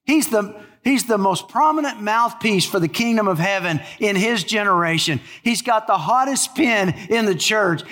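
Male pastor, conversational storyteller, leans hard on key words, high-pitched, long church-hall echo. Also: pushed and bright. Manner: conversational storytelling preacher with emphatic stretched words. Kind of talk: sermon.

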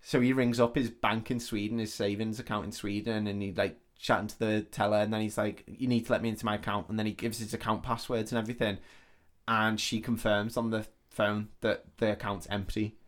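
A man's voice: on the low side, fairly quick. Man animatedly retelling a film. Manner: animated storytelling with swearing. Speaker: podcast co-host. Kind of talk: casual chat recapping a film.

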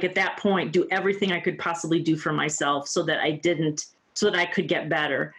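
Earnest woman in her fifties, lower voice. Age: 50s. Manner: earnest, heartfelt, many fillers like "you know". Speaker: interview guest. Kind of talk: candid personal storytelling.

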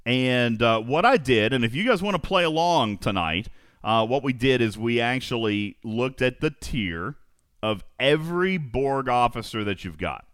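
A man hosting a live gaming podcast, energetic and emphatic, often repeating phrases for effect and talking directly to his co-host and listeners. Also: mid-range voice, no echo, studio quality.

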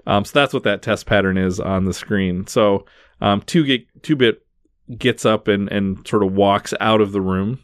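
A man's voice: lowish voice, normal speed, clean tone, no room sound. A man hosting a podcast, talking through a movie scene by scene in a casual way with lots of fillers. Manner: recaps scenes in detail, many fillers. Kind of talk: casual film discussion.

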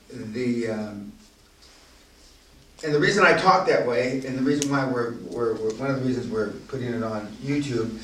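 A man leading a business seminar, talking bluntly and profanely and building to loud, emphatic bursts. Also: medium pitch, slight background noise. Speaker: seminar leader. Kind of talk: profane motivational seminar talk. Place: castle seminar room. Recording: echoey room, voice from far off.

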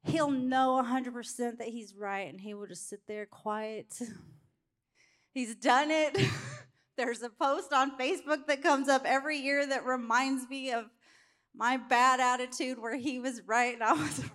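A middle-aged woman preaching a sermon, telling a candid personal story in an animated way. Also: high-pitched, measured pace.

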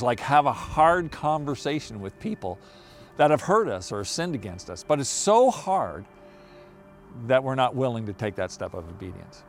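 A man preaching a sermon as a pastor, telling a story with emphatic, animated delivery. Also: medium pitch.

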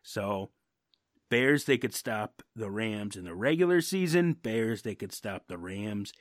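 Loud opinionated guy hosting a football podcast, cusses a ton, dry mic. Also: lowish voice, expressive, measured pace, dry recording. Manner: brash, profane and opinionated. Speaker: podcast co-host. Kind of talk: casual sports podcast rant.

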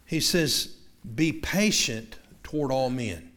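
A man's voice: mid-range voice, expressive, takes it slowly, fairly bright tone. A man from the American South preaching a sermon to his congregation, with a Southern accent, often restarting words and turning to the listeners with asides. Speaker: pastor.

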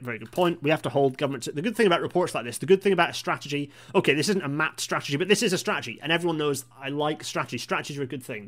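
A man's voice: medium pitch, a bit bright. A man hosting a live-streamed podcast, chatty and self-deprecating, with frequent apologetic asides. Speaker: podcast host.

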